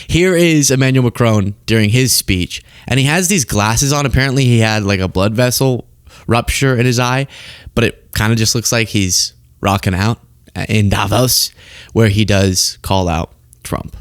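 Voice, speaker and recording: A man hosts a political commentary show in a casual, sarcastic voice, mid-pitched and recorded close and dry. He often breaks into high, mocking impressions. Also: moderate pace, smooth, dry recording.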